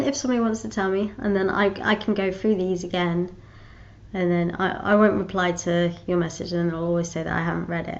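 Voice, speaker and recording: A woman's voice: mid-range voice, lo-fi sound. A woman vlogger chatting casually to her viewers, rambling and restarting her sentences with frequent giggles. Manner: rambling, giggly, self-interrupting. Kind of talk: casual chat to camera.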